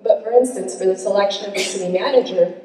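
A woman's voice: medium pitch, fast talker, mellow. A woman council member talking to constituents at a public meeting, conversational, often asking the audience questions, a little out of breath. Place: meeting room, audience present. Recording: echoey hall recorded from far off.

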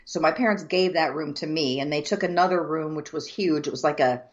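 A woman from the southern United States co-hosting a casual chat, telling a story at a measured pace with frequent ums. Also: low-pitched, dull audio. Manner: measured, many ums, descriptive. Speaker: co-host.

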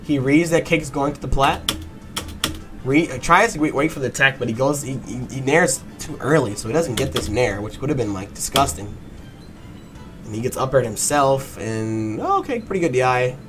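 A man giving a fast, excited play-by-play breakdown of a fighting game match, swearing and breaking into excited bursts. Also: mid-range voice, music in the background. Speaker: match analyst.

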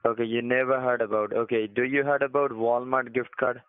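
A man's voice: medium pitch, level tone, a little fast, dry recording. A man on a phone call, pushy and repetitive, speaking broken English. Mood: insistent. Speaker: phone scammer. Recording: tinny dry phone line.

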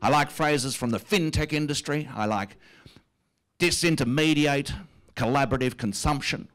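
A man's voice: a little high, normal speed, a bit bright, natural voice. A man with an Australian accent doing a stand-up impression of a pompous, self-satisfied wealthy prime minister, speaking in a smug, drawling, self-amused way on stage. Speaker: comedian.

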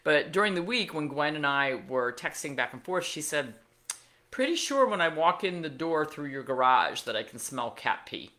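A woman's voice: deep voice, big pitch swings, normal speed, pushed and bright. A middle-aged woman hosting a pet podcast, telling a casual story with wry asides and plenty of fillers. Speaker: veterinarian podcast host.

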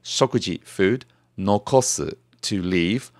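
A man's voice: fairly low pitch, takes it slowly, dry recording, studio quality. A man hosting a language podcast, chatting and explaining phrases step by step. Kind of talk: conversational language lesson.

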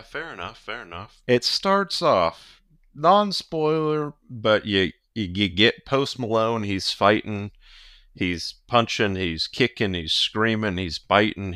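A podcast co-host chats casually, joking and teasing his partner. His voice sits on the low side, pushed and bright, with a clear, resonant tone in a dry, studio-quality recording.

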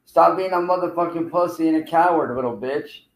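On a livestream, a man repeatedly taunts and curses an absent rival, calling him out again and again. His voice is a little high for a man and brisk, echoing around a room with some hiss or hum.

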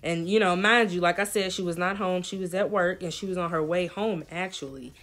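A young woman vlogger telling a lively storytime in casual slang, acting out what people said. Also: on the low side, a little fast. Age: young adult. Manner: animated, slangy storytelling with quoted voices. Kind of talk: storytime vlog.

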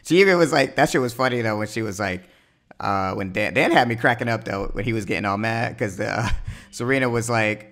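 Gravelly-voiced man laughing through recaps. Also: lowish voice, fairly quick. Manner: laughs often, relaxed reactions. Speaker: podcast co-host. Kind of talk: casual chat recapping a TV show.

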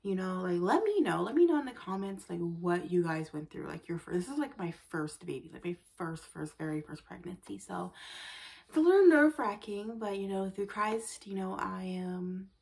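A woman's voice: medium pitch, lively intonation, moderate pace, gravelly, darkish tone. A young woman vlogging to her camera in a casual chat. She sounds tired and a little out of breath, uses lots of fillers and often drops to a whisper.

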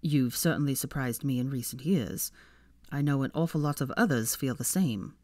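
A woman reading aloud and voicing a smug, teasing young wizard man in a low, quiet drawl. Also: normal speed, no echo, studio quality.

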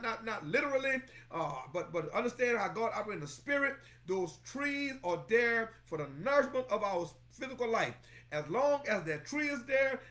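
A man's voice: sits high, a bit bright. A man preaching a fervent sermon as pastor, repeating phrases and calling on members of his congregation by name.

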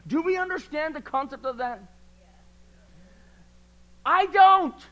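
A man preaching a sermon at a church service, repeating lines passionately and swinging between quiet talk and loud declarations. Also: very high voice, normal speed, pauses often, poor audio.

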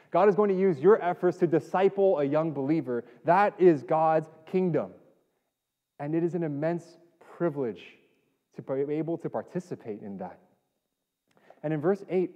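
A man preaching a sermon as pastor, emphatic, swinging between loud declarations and hushed lines. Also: on the high side. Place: church sanctuary. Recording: dull sound with long hall reverb.

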